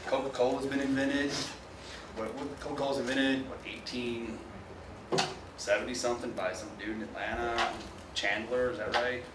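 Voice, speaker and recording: A man's voice: mid-range voice, fairly even intonation, moderate pace, heavy background noise. A man giving a classroom lecture, chatty, often checking in with "right?". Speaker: university lecturer. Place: lecture hall. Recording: echoey lecture hall from far off.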